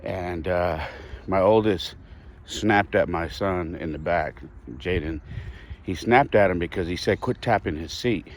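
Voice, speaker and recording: Deep-voiced man telling a personal story. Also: unhurried, a little hiss or hum. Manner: candid, reflective, with restarts and sighs. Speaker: podcast host.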